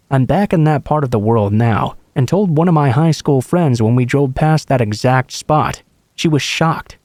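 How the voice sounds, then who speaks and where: A man's voice: medium pitch, darkish tone, dry recording. Man reading a true scary story. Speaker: horror story narrator.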